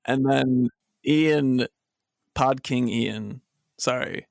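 A man moderates a comedy podcast debate in a playful, giggly way. His voice has a gravelly fry. The sound is dry and close to the mic. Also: medium pitch, darkish tone, no echo. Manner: playful, giggly, drawn-out teasing. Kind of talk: casual comedy podcast chat.

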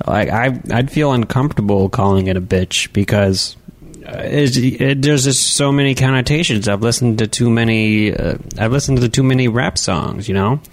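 A man chatting casually on a podcast, hesitant and often laughing between thoughts. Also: lowish voice. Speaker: podcast co-host.

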